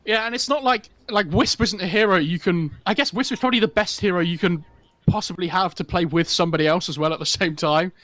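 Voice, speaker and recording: A man's voice: high-pitched, fast, a bit bright, no echo. A man casting an esports match live, chatting casually and rambling with lots of fillers. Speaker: esports caster. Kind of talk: casual live commentary chat.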